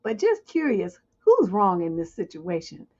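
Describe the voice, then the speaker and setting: A woman's voice: medium pitch, wildly swooping pitch, unhurried, darkish tone, breathy edge, lo-fi sound. A woman hosting a livestream advice show, reading viewer questions aloud and answering them with blunt, joking frankness. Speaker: relationship advice host.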